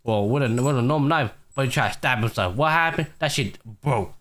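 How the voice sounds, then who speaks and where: On a laid-back anime podcast, the male host retells episodes with plenty of profanity and voices the characters himself. His pitch is medium and his delivery a little fast, lively in its storytelling.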